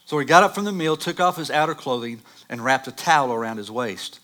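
A man preaching a sermon, reading scripture and telling animated personal stories that rise loud at dramatic moments. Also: medium pitch, fairly quick. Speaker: pastor.

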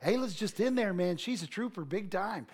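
Male pastor, high-pitched, animated sermon delivery. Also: moderate pace. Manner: animated preaching with asides and laughter.

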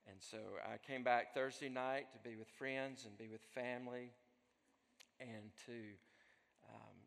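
A male pastor delivers a sermon at an unhurried, deliberate pace. His voice sits in a middle register and carries a long hall echo. His earnest delivery swells and then sinks to a soft level. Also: mid-range voice, level tone, creaky. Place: church.

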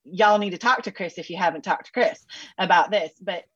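A woman counselor talking on a podcast with sassy, animated asides and casual slang. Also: lowish voice, a little fast, slightly rough, no echo, muffled recording. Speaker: counselor guest. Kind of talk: podcast interview.

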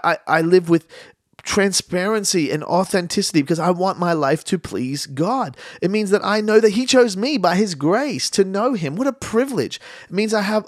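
A man's voice: fairly high pitch, no room sound, clean studio sound. A man preaching a sermon as a pastor, talking in a conversational way and repeating words when he stresses a point.

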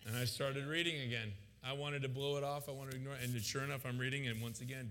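A man preaching a sermon, telling his story with animated loud peaks and frequent stammered restarts. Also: medium pitch, fast, few pauses. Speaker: pastor. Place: church sanctuary. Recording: long hall reverb.

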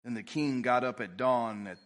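A man preaching a sermon in a church, reading scripture aloud and swinging between loud emphasis and quiet, drawn-out lines. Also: mid-range voice. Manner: preaching with rising and falling intensity. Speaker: pastor.

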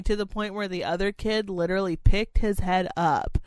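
A woman chatting casually about a school trip as a chaperone, swearing freely and ranting with sarcasm, and mimicking other people in high mocking voices. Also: fairly even intonation, normal speed, few pauses, dry recording. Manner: profane, exasperated, sarcastic ranting. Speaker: parent chaperone telling a story. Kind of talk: casual storytelling chat.

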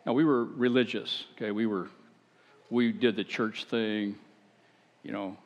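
A man's voice: lowish voice, fairly even intonation, a little slow. Chatty preacher man in an echoey hall. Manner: chatty and rhetorical, with wry asides and self-deprecating stories. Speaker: pastor. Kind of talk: conversational sermon. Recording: echoey hall, dull lo-fi sound.

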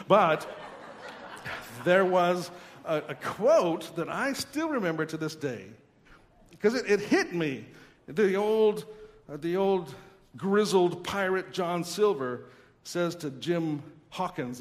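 A man in his thirties preaching a sermon as pastor, earnest and emphatic with pauses, in a large church. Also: high-pitched, in a large hall.

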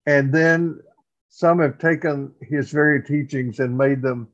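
An older man from the United States speaking in an earnest, measured way in a reflective conversation. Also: fairly high pitch, fairly even intonation, fairly bright tone. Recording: dull lo-fi sound.

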